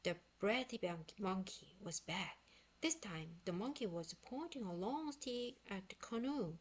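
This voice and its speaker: A woman reading a children's book aloud in expressive, unhurried storytelling; her first language is Korean. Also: mid-range voice. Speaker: book reader.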